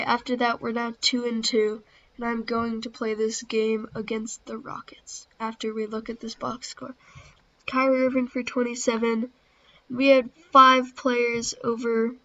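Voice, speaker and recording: A woman's voice: a little high, fairly bright tone, dull audio. A woman giving casual, understated play-by-play commentary over her own video game session, with self-deprecating asides. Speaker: gaming channel host.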